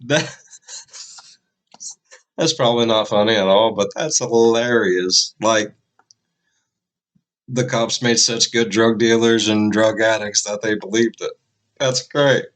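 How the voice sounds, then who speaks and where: A man's voice: lowish voice, takes it slowly, pauses often, fairly bright tone. A man hosting a reaction video, talking in a casual, rambling way. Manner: rambling and chatty.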